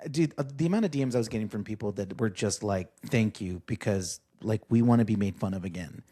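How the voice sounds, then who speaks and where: A man in casual podcast chat, telling stories with crude humor and halting restarts. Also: fairly low pitch, dark tone, husky.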